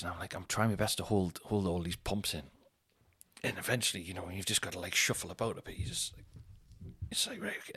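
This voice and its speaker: A man's voice: deep voice, fairly bright tone, husky. A man, a stand-up comedian and podcast host, telling rambling, sweary stories and laughing at himself. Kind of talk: casual comic storytelling.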